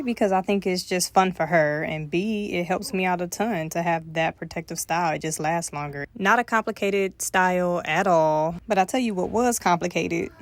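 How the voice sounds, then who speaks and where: Woman with a Detroit accent, casual vlog chat, playful and chatty, lower pitch, faint background noise. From Detroit, USA. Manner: chatty, playful, talks straight to viewers. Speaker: mom vlogger.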